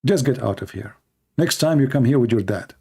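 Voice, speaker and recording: During a long, casual livestream, this male debate host sarcastically mocks his opponents and performs their voices. He speaks briskly at a medium pitch with lively intonation, and his tone is gravelly, warm, and slightly rough.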